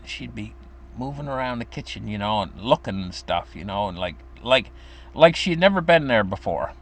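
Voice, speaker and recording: Rambling through a tale from his childhood, an older man fills it with fillers and restarts, speaking briskly with a bit of brightness. Whenever he quotes someone, he acts the voice out in a high pitch.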